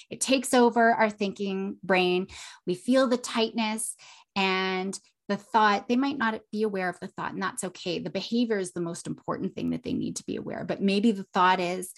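A woman's voice: mid-range voice, normal speed. A woman hosting an educational podcast, teaching parents emotion skills and acting out children's lines, often asking "right?". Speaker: podcast host and child therapist.

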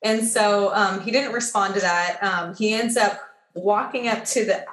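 A woman's voice: mid-range voice, a little slow. Chatty woman telling a story, roomy echo. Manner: animated, filler-heavy, acts out quoted dialogue. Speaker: guest. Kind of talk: casual storytelling in a podcast chat.

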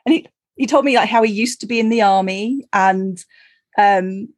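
A woman hosting a podcast, telling anecdotes in a chatty way and laughing easily. Her voice is husky and a little breathy. It is recorded dry and close, with no room echo. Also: medium pitch, moderate pace. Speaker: podcast host. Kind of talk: casual chat.

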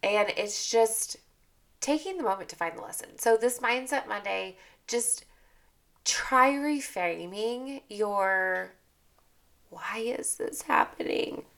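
Chatty woman podcaster with a gravelly edge. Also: mid-range voice, takes it slowly, fairly bright tone. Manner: candid, chatty, repeats phrases for emphasis. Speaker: podcast host. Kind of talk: casual motivational monologue.

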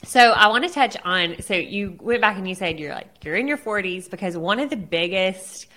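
A woman's voice: mid-range voice, lively intonation, normal speed, pushed and bright. A woman hosting a casual podcast interview, friendly and encouraging, laughing easily as she talks. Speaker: podcast host, social media manager.

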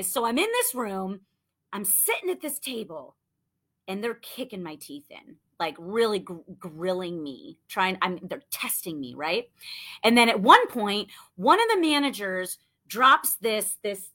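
Animated woman sales coach, bright voice. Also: mid-range voice, measured pace. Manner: animated, chatty, lots of "like" and acted-out quotes. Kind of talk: motivational storytelling talk.

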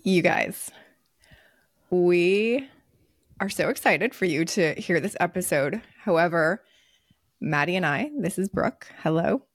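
A woman's voice: on the low side, lively intonation, slow pace, pauses often, dry recording, studio quality. An American woman co-hosting a podcast, chatting in a bubbly, talkative way. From United States. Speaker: podcast co-host. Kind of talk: casual chat.

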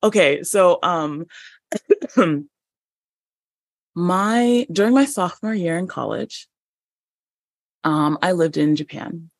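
A woman guest on a podcast, telling a story in an animated, chatty way with many fillers and laughs. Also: fairly low pitch, slow, pauses often, no echo, studio quality. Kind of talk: conversational storytelling.

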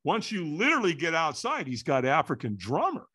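A man telling a story in an animated way, acting out the quotes and sounds. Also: a little high, brisk, breathy edge. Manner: lively, acts out quotes and sounds.

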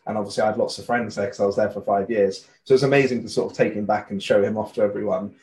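A young man from England's West Country with a West Country accent, a podcast guest talking in relaxed, friendly chat. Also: lowish voice, rapid-fire, poor audio. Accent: West Country English. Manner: relaxed, friendly, uses fillers. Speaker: guest, hot sauce maker. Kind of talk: casual chat.

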